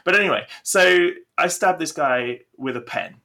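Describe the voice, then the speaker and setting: A young man, a podcast co-host and game master, chatting casually with animated, self-deprecating storytelling. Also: a little high, normal speed, gravelly.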